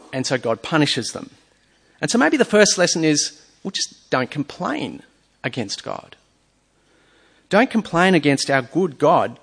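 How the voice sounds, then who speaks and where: A man's voice: on the high side, gravelly, a bit bright, husky. A man preaching a sermon, reading scripture aloud and asking his listeners earnest rhetorical questions. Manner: reads scripture aloud between explanations. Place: church or hall with a screen.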